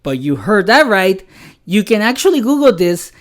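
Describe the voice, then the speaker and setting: Woman, 30s, podcast host; frank and foul-mouthed, with a very animated pitch. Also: moderate pace. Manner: candid, profane storytelling. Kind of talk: casual podcast monologue.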